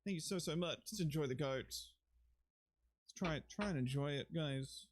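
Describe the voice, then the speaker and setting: A man with a slightly high voice chats unhurriedly on a live stream, rambling, joking and swearing freely as he thanks viewers and gives them shout-outs. His voice sounds a bit strained and sore, with music playing underneath.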